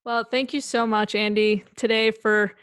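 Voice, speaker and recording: A woman, a podcast host, closing an interview with friendly, loose, halting thanks. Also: fairly high pitch, flat delivery, fairly bright tone, smooth, no room sound, clean studio sound. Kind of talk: casual interview sign-off.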